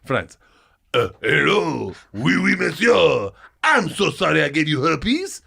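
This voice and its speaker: A man's voice: on the high side, sing-song, unhurried, gravelly, sharp tone, husky. A man on a comedy podcast improvising short mock monologues in goofy put-on foreign accents.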